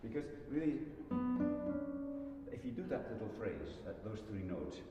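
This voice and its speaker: A man giving a guitar masterclass, coaching a student in a gentle, encouraging way and often restarting his sentences. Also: fairly low pitch, big pitch swings, moderate pace. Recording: distant mic, echoey hall, muffled sound, guitar music.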